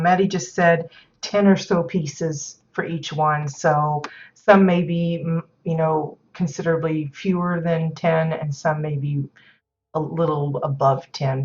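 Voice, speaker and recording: A woman hosting a live stream, thinking aloud in a hesitant way and filling pauses with many ums and uhs. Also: low-pitched, muffled recording. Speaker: stream host showing player-built game housing.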